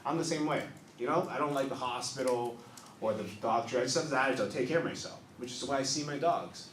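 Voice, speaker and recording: A man in his thirties doing a stand-up comedy set on a club stage, telling stories with lively acted-out quotes. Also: mid-range voice, quick pace, distant mic, a little hiss or hum. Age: 30s. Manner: animated storytelling with acted-out quotes. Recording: roomy club recording heard from off-mic with crowd. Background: audience laughter.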